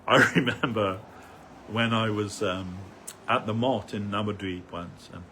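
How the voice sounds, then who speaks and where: Low-voiced older man telling temple stories. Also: steady tone, measured pace, pushed and bright, slight background noise. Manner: rambling storyteller, many fillers and restarts, chuckles between anecdotes. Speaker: devotee speaker at a temple festival. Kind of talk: anecdotal remembrance talk.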